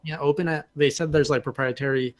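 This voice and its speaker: A man talking as a guest in a casual chat, relaxed and matter-of-fact. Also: a little high, quick pace.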